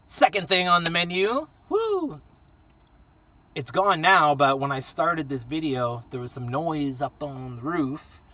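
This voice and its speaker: A man's voice: mid-range voice, fairly bright tone, distant mic. A man telling casual, profane stories in a rambling vlog from a small cramped space. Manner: profane, laid-back storytelling with sung jingle. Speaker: vlogger.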